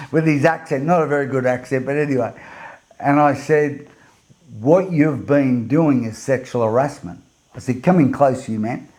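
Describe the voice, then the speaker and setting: A man's voice: medium pitch, normal speed, darkish tone. A middle-aged man from Australia, a men's coach telling a story in a motivational talk, rambling, repeating words and laughing as he goes. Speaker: men's coach and podcast host.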